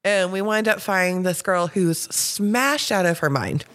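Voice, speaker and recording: A woman's voice: on the low side, a little slow, fairly bright tone. A woman guest on a podcast, telling stories casually, swearing freely and laughing often. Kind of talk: casual storytelling.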